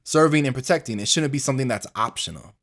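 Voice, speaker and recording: Fast-talking, emphatic man. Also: mid-range voice, fairly bright tone. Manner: frustrated, emphatic questioning. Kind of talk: recorded interview clip.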